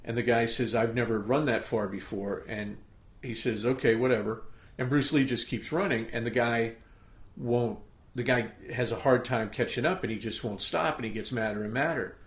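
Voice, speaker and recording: A man's voice: mid-range voice, normal speed, fairly bright tone. Emphatic motivational man in an echoey room. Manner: emphatic, pep-talk delivery with frequent "okay?" check-ins. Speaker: podcast host. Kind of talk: motivational podcast monologue.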